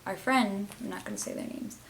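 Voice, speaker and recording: A woman's voice: medium pitch, a little fast, vocal fry, a little hiss or hum, low-quality recording. A teenage girl vlogging casually and heartfelt, rambling with lots of fillers as she talks. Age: teens. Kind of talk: casual confessional vlog.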